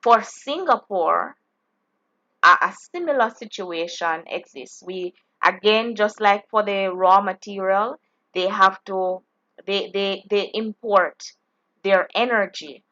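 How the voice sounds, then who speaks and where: A woman teaching a geography exam-prep lesson, explaining slowly and deliberately, often restarting her phrases. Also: mid-range voice, pushed and bright, lo-fi sound.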